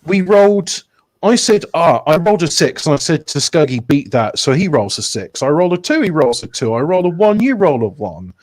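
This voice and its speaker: A man hosting a casual online game show, chatty and excitable, exclaiming loudly at his dice rolls. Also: a little high, moderate pace. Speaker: host.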